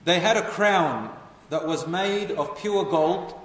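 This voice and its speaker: A man telling a history story as a lecture, animated and putting questions to his listeners. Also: a little high, slow. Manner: animated, asks the audience questions. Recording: echoey hall, voice from far off.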